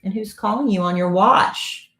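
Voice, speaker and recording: A woman's voice: mid-range voice, moderate pace, a bit bright, soft background music. A middle-aged woman, co-hosting casual live-stream banter, chatty and opinionated, jumping in often. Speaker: radio show co-host. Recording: roomy echo.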